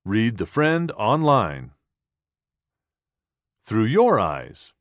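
A man reading a children's magazine aloud in a clear, deliberate scripted style. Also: on the low side, wildly swooping pitch, no room sound, clean studio sound. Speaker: magazine reader.

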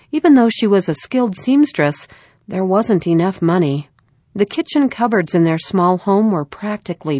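Storybook narrator: woman, calm and measured, lowish voice, dry close sound. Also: dry recording. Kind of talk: storybook reading.

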